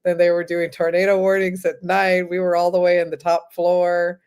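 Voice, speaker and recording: A woman hosting a casual chat, easygoing and quick to laugh at her own stories. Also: on the low side, completely flat delivery, darkish tone, clean tone. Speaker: host.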